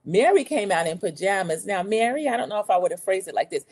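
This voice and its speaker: A woman's voice: mid-range voice, lively intonation, fast talker, darkish tone, breathy edge. A middle-aged woman hosting a casual, opinionated reality TV recap, chatty and eager to share her own views. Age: Gen X, 40s to 50s. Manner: chatty and opinionated, acts out quotes in a raised voice.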